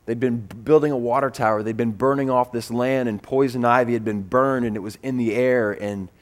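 A man preaching a sermon, animated and repeating phrases as he builds, acting out voices when he tells personal stories. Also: mid-range voice, fairly quick. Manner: acts out voices in his stories. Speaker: pastor.

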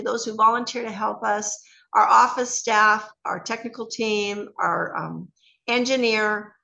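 Bright-voiced woman teaching the Bible on radio. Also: mid-range voice. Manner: earnest, reads scripture slowly and explains it. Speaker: radio Bible show co-host.

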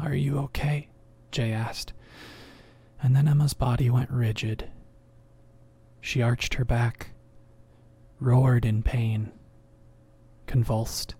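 A man narrating a horror story in a measured voice that sinks into whispers. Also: medium pitch, dark tone, slightly rough. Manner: slow, measured, dropping to whispers.

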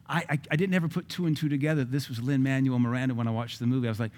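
A man's voice: mid-range voice, steady tone, racing, few pauses, a little mellow. A man with an ordinary mid-range voice delivers social commentary from a Christian standpoint. He talks emphatically, stacking rhetorical questions and repeating phrases for effect.

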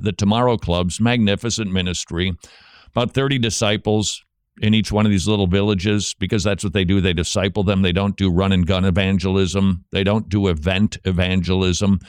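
A man hosting a talk radio show, speaking in a conversational monologue with quick asides and self-corrections. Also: on the low side, clean tone, no room sound, clean studio sound.

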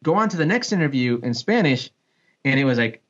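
A man, a sports broadcaster and former pro soccer player, telling a story in a casual podcast chat, with big pitch swings and frequent restarts. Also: big pitch swings, a little fast. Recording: dull lo-fi podcast audio.

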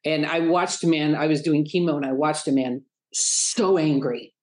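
A middle-aged woman, a guest author, telling personal stories in an interview and acting out the voices of people she quotes. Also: normal speed. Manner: animated, acts out quoted voices in a high pitch. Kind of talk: storytelling interview talk.

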